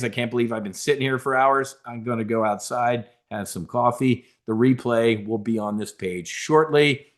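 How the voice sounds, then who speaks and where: A man's voice: mid-range voice, fairly bright tone. A man hosting a live webinar, talking casually in a rambling, emphatic, preacher-like way. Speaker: webinar host.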